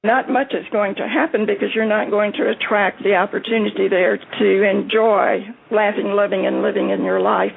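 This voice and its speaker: Woman panelist, gravelly texture, earnest and unhurried, phone-line sound. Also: medium pitch. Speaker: panel guest, success coach. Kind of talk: motivational talk. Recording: tinny phone-like audio with faint hiss.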